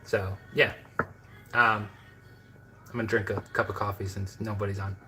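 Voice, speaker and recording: A man's voice: fairly low pitch, level tone, normal speed, noisy background. A man from the American Midwest, chatting casually to his viewers from his home kitchen, rambling with lots of fillers and asides. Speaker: home cooking vlogger.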